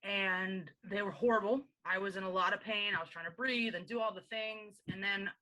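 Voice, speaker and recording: A woman in her thirties, a podcast guest, candidly telling a personal story in an interview, animated and acting out the dialogue. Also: medium pitch, fairly quick, rough recording. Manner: animated, acts out quoted dialogue with frequent laughs.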